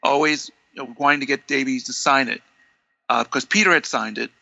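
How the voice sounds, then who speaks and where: Gravelly, bright-voiced man telling a story. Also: mid-range voice, brisk, dry recording, dull audio. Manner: animated, acts out quoted dialogue, many restarts. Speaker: interview guest, longtime fan. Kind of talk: conversational storytelling.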